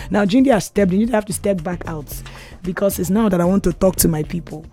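A man's voice: high voice, fairly quick, dark tone. A man hosting a breakfast radio word game, upbeat and teasing with callers. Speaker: radio host.

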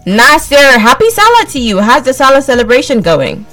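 A woman presenter runs a radio call-in show with playful teasing and a lot of repetition. Her voice sits a little high, and soft music plays quietly under it. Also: wildly swooping pitch, moderate pace. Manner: playful, teasing, repeats herself. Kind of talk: lively radio call-in chat.

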